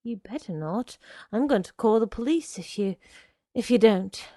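A woman voicing a frightened teenage girl who snaps back in sharp, panicky outbursts. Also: fairly high pitch, very animated, slow pace, vocal fry, no echo, clean studio sound, heavily acted.

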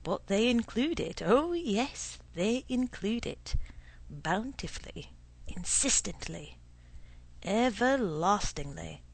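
Sly, suave old potion seller read by a woman, gravelly and husky, unhurried storybook delivery. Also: medium pitch, sing-song, exaggerated voice. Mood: knowing. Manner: slow, suave, insinuating.

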